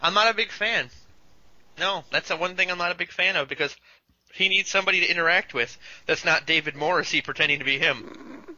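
A man co-hosts a laid-back fan podcast, eager and joking, frequently quoting lines in put-on voices. His voice is on the high side, fairly quick, pushed and bright; the recording is dry, dull and lo-fi.

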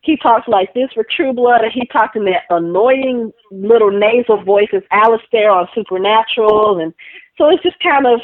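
A woman co-hosting a casual TV recap, talking in an animated, gushing fan manner. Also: on the high side, moderate pace, no room sound. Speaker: podcast co-host. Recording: tinny phone-line sound.

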